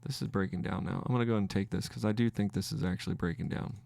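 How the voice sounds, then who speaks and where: Gravelly low-voiced man talking through trades. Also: steady tone, darkish tone, no room sound. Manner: thinking aloud, halting, counting trades. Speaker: trading podcast host. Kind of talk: live trading commentary.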